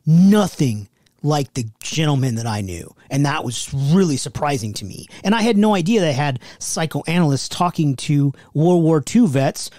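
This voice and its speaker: A middle-aged man co-hosts a laid-back podcast chat in a fairly high voice. He is earnest and agreeable, dropping short affirmations between his own stories. The recording is dry and close. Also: animated, normal speed, warm tone, no room sound. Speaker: podcast co-host. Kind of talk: casual conversational chat.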